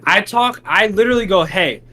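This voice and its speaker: A man's voice: on the high side, lively intonation, measured pace, pushed and bright. A man co-hosting a podcast in casual chat, blunt and swearing freely. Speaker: podcast co-host.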